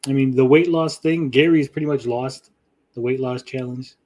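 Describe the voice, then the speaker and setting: A man hosting a podcast in casual chat, swearing freely and talking with pauses. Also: medium pitch. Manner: chatty, swears often, lively swings in loudness; speaks with pauses. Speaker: podcast host and YouTuber.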